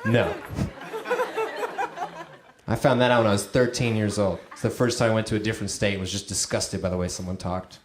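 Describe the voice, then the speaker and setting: A man from Romania performing a stand-up comedy set on a club stage, mostly deadpan with sudden loud high-pitched outbursts. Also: noisy background. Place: comedy club with live audience. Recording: echoey club with audience laughter.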